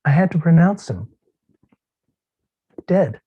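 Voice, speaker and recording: A man giving a dramatic storytelling speech at a contest, expressive, with drawn-out pauses and hushed tender passages. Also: fairly high pitch, husky, no echo, dull audio. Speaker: contest speaker.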